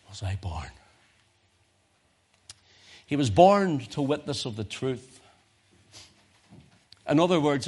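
A man preaching a sermon, building to loud emphatic peaks and dropping to hushed, almost whispered lines, repeating phrases for effect. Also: medium pitch. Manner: dramatic swings from loud crescendo to hushed near-whisper.

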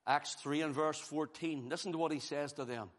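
A man's voice: a little high, steady tone, moderate pace. A man preaching a sermon, emphatic, repeating phrases and building force. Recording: long hall reverb.

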